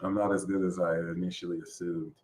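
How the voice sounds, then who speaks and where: A man's voice: sits low, flat delivery, fairly quick, darkish tone, slight background noise. A man giving a casual tarot reading, talking in a playful, rambling way and swearing freely. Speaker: tarot reader.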